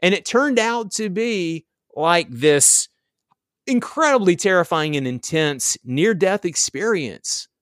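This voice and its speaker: A man telling a story in casual chat, animated and acting out what people said. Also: high-pitched, takes it slowly, no room sound, clean studio sound. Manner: animated storytelling, acts out quotes.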